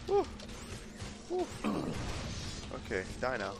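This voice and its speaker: A man's voice: medium pitch, moderate pace, long pauses, over loud music. Chatty New Zealand man streaming a game. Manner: chatty, excitable, jokey. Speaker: livestreamer. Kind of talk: live gameplay commentary.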